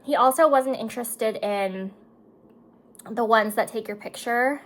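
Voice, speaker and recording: A woman in her thirties, a beauty vlogger and mother, chats casually with her viewers as she does her makeup. Her voice sits fairly high and moves a little slowly, and she's talkative and emotional, sometimes tearing up. The audio quality is poor.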